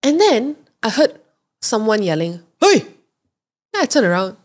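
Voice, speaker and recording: A woman's voice: a little high, normal speed. Chatty Malaysian woman telling a story. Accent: Malaysian English. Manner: lively storyteller who acts out quoted voices. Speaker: podcast co-host. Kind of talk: casual storytelling chat.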